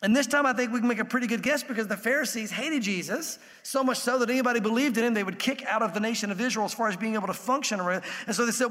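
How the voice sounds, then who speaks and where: A man's voice: high voice, lively intonation, quick pace, fairly bright tone, big-room sound. A man preaching a sermon in a conversational way, acting out the voices he quotes. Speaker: pastor.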